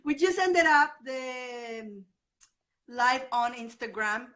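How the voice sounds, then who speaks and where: A woman hosts a live spiritual advice stream and keeps a warm, giggly tone, agreeing readily with her co-host. Her voice is fairly high and bright. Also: takes it slowly. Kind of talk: casual live-stream chat.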